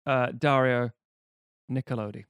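A man's voice: medium pitch, steady tone, a bit bright, clean tone, no room sound, clean studio sound. A man co-hosting a podcast, chatting casually and joking with a lot of swearing. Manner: fast, joking, sweary storyteller. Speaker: podcast co-host pitching a film. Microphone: podcast mic.

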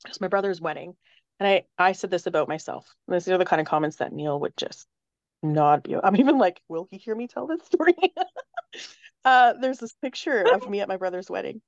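A woman's voice: on the low side, brisk, no echo, dull audio. A woman, likely in her thirties, talking candidly in a casual chat, swearing freely and laughing often. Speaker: podcast guest.

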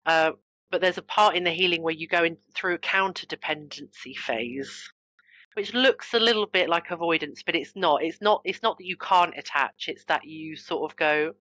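A woman guest on a podcast interview, telling personal stories in an animated, self-mocking way with frequent restarts. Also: lowish voice, normal speed, muffled recording. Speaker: guest, author and trauma coach.

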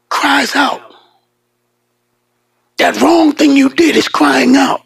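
A male pastor with a very high voice full of gravelly fry. He preaches emphatically, swinging between hushed tones and shouts, and slows down to stretch out key words. He throws in casual joking asides to the congregation. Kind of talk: sermon.

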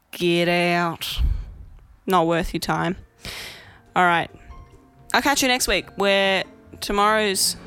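A woman in her twenties with an Australian accent, hosting a podcast and telling stories in a blunt, chatty way with lively acted-out quotes. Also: mid-range voice, smooth. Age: 20s. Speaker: podcast host. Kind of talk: casual monologue.

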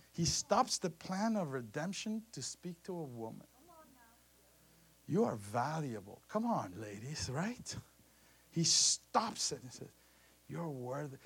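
A man preaching a sermon, telling a scripture story with animated bursts and acted-out voices. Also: on the high side, gravelly, husky.

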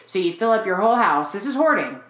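A woman coaching clients, talking casually and frankly on a podcast, with lively storytelling and frequent swearing. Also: mid-range voice, quick pace. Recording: roomy echo.

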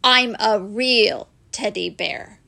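A woman voicing a shy, polite male teddy bear who speaks slowly and earnestly, with a gravelly voice. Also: medium pitch, bright, forceful tone, full character voice. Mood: timid, earnest. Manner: slow, timid and earnest.

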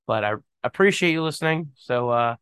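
A man's voice: a little high, expressive, brisk, a bit bright, clean tone, no echo. A young man hosting his own podcast, rambling casually with jokes and lots of fillers. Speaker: podcast host. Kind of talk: casual solo podcast monologue.

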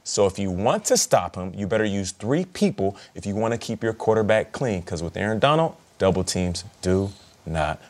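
A man co-hosting a morning football show, playfully building jokes before narrating game film with excitement. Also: on the low side, brisk, few pauses. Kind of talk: animated sports segment breakdown.

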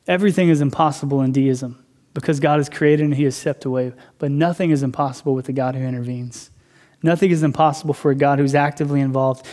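A man preaching in a conversational but emphatic way, breaking off for asides and rhetorical questions. His voice sits a little higher than most men's. He sounds like a young adult. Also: darkish tone. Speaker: teacher. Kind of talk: sermon teaching.

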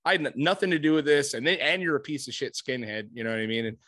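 A man in casual chat, telling an animated, profane story and laughing often. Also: mid-range voice, fast talker.

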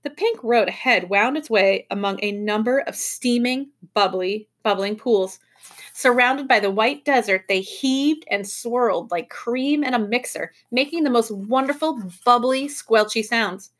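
A woman teacher reading a children's novel aloud to her class in an expressive, lively way. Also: fairly high pitch, a little slow.

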